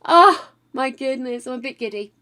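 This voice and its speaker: An older woman, chatting live to her stream viewers. Her voice sits high and swoops widely, and its tone is bright. She is effusive and giddy, swears freely, and calls everyone darling. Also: expressive, unhurried. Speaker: game streamer. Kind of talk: casual live-stream chat.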